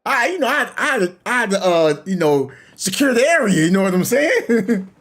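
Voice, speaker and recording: A man's voice: high voice, big pitch swings, fast, a bit bright. A young man, chatting casually and animatedly about online gaming, laughing often and using slang. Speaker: gaming streamer. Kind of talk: casual chat.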